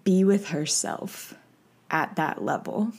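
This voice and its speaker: A woman's voice: sits low, expressive, vocal fry, a little mellow, breathy edge. A woman hosting a podcast, speaking in a personal, reflective way and getting teary and emotional as she talks. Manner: slow, emotional, tearful at times. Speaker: podcast host.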